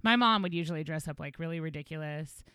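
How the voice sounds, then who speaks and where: A woman's voice: deep voice, fast talker, sharp tone, smooth, no room sound, clean studio sound. A woman chatting casually as a podcast co-host, rambling through stories with frequent giggles. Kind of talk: casual chat.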